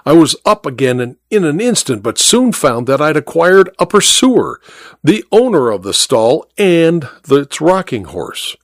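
A man's voice: a little high, big pitch swings, measured pace, no echo. A man reading a first-person period story aloud in a dry, wry storytelling manner. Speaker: audiobook narrator. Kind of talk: scripted first-person narration.

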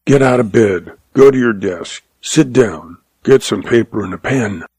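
A man voicing a gruff Western outlaw who issues terse threats in a hoarse, croaking whisper. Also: fairly low pitch, measured pace, darkish tone, no room sound. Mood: menacing.

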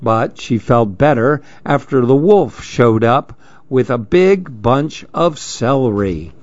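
A man hosting a program, reading a children's story aloud in a gentle, measured way. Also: mid-range voice, expressive, no room sound, dull audio.

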